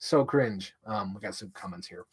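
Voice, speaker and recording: A young man ranting casually on a livestream, rambling with lots of "like" and jumping up in pitch when he gets excited. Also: normal speed, breathy edge. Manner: rambling, heavy use of "like", restarts mid-sentence; animated, voice jumps up when excited.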